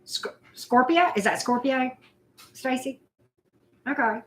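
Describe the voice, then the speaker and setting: A woman's voice: high voice, expressive, slow. A woman, hosting a casual live chat, greeting viewers by name in a loose, self-deprecating way. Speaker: livestream host.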